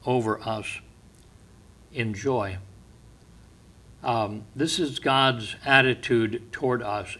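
A man preaching a sermon. He reads scripture passages aloud and explains them in a relaxed way, with small chuckles. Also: medium pitch.

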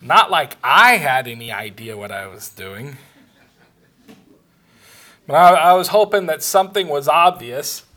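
A man's voice: fairly high pitch, sharp tone. A man preaching a sermon, telling a personal story with laughs and acted-out dialogue. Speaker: pastor.

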